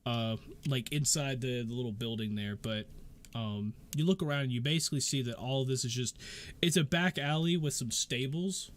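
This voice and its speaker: A man's voice: medium pitch, normal speed, slight background noise. A man narrating as game master of a tabletop game, rambling with many fillers.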